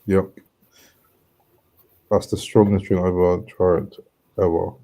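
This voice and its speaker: Deep mellow-voiced man, laid-back. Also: level tone, takes it slowly. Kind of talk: casual chat.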